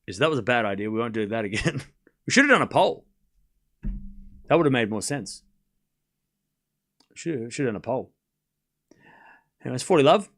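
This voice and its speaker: A man's voice: mid-range voice, big pitch swings, normal speed, pauses often, fairly bright tone. A young Australian man hosting a live stream, calling points and chatting with viewers between rallies. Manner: chatty, laughs often, calls points between chat replies. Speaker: streamer and host. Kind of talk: live watchalong commentary, reading chat.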